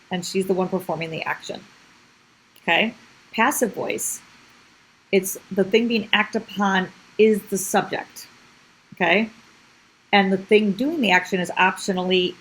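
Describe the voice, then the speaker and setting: A woman's voice: medium pitch, breathy edge, rough recording. A woman teacher explaining a grammar lesson step by step, often checking in with the class.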